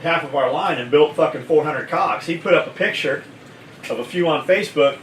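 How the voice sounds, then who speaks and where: A man's voice: fairly high pitch, fairly quick, fairly bright tone, slight background noise. A man who owns a gear company, telling a story in casual chat, blunt and full of swearing. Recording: echoey room, mic at a distance, faint kitchen clatter.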